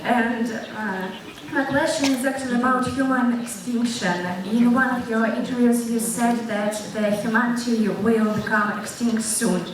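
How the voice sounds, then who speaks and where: A woman asking a question from the audience at a lecture, eager and excited. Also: on the high side, a little slow, crowd noise. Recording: echoey hall, distant mic, audible noise.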